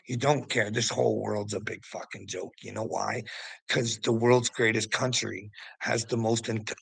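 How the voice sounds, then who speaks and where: A man's voice: lowish voice, creaky, sharp tone, slightly rough, dry recording, low-quality recording. A man in a profane, combative ranting commentary, scornful and often laughing. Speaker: vlogger.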